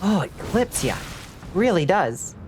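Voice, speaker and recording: With faint music playing behind him, a man chats casually with viewers during a live game stream, greeting chat warmly and laughing often in a playful way. His voice is high and sing-song, his pace slow, and he speaks with a light lilt.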